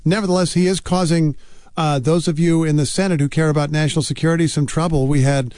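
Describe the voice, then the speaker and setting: A man hosting a news interview, asking probing, deliberate questions. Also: fairly high pitch, fairly even intonation, a little mellow, no room sound, clean studio sound. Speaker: radio news host.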